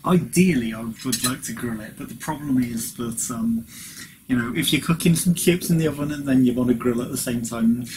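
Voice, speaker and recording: A man's voice: mid-range voice, fairly quick, background noise. Rambling man reviewing kitchen gear. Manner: rambling, chatty, frequent "you know" fillers; chewing while talking at times. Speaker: vlogger. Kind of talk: casual product review vlog.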